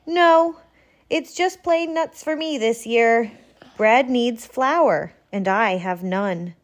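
A woman voicing a small female squirrel in a storybook, in a high, chirpy, wistful voice. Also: takes it slowly.

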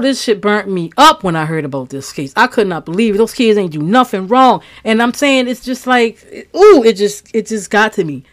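A woman's voice: fairly high pitch, expressive, normal speed. A woman from Maryland hosting a true crime podcast, talking in a blunt, outspoken, casual way.

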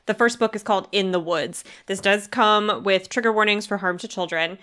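A woman's voice: mid-range voice, normal speed, bright, forceful tone, smooth. A woman co-hosting a podcast, chatting casually about books, laughing often and filling with "like". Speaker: podcast co-host. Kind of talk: casual book chat.

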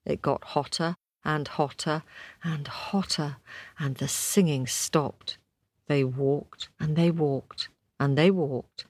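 A woman telling a folk tale to an audience, expressive and rhythmic, with repeated phrases. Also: sits low, no echo. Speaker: storyteller. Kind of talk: oral storytelling to an audience.

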